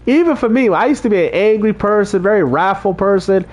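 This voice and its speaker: A man's voice: high-pitched, animated, fairly quick. A man hosting a casual livestream, talking straight to his chat and preaching about faith, often repeating himself. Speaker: livestream host reading chat.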